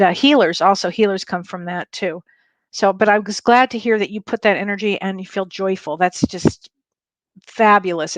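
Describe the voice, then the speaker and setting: A woman's voice: medium pitch, dry recording. A woman who is a spiritual medium, hosting a live-stream show in a casual chat style, bubbly and greeting viewers by name with frequent laughs.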